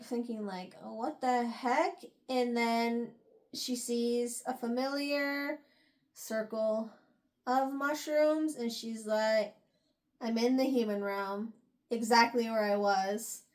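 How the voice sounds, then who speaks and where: A young woman with a slightly high voice recaps a novel's plot for her podcast. She rambles in a loose, animated way, full of fillers and quick asides. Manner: rambling, animated retelling with frequent "like" and laughs. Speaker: book review podcast host. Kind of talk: casual book recap.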